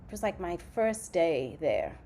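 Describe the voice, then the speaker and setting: A young woman from Zimbabwe, a playwright and actress, telling stories in a casual interview, animated and full of "like" fillers. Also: lowish voice, unhurried, slight background noise. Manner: animated storytelling, many "like" fillers, acts out quotes.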